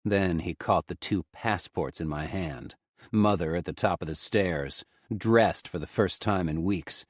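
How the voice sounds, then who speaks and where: A male audiobook narrator reading a first-person story in a grave, measured manner on a close studio mic. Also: low voice, dry recording.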